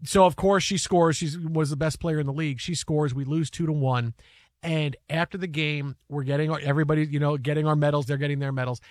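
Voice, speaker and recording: Animated high-voiced male sports host. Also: brisk, dry recording. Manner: animated storytelling, acts out quotes. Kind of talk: casual sports chat.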